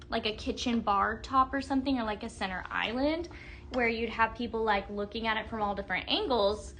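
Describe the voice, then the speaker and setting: A woman's voice: on the high side, bright, forceful tone. A woman hosting a live product stream, chatting casually and gushing over items with lots of fillers and replies to viewer comments. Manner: bubbly, gushing, many fillers, reads comments aloud. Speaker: livestream product host. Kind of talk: casual live-selling chat.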